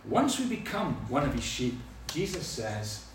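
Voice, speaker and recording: Echoey preacher, lively. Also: male voice, on the high side, moderate pace, noisy background. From Scotland. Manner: lively storytelling with humor. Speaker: pastor. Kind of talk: sermon. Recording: echoey hall from far off.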